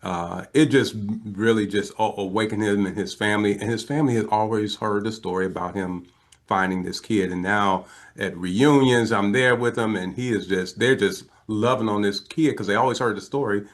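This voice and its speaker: A man in his fifties, a talk show guest, telling an emotional personal story in an animated, earnest way. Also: lowish voice, normal speed. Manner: animated storyteller who acts out quoted voices. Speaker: interview guest.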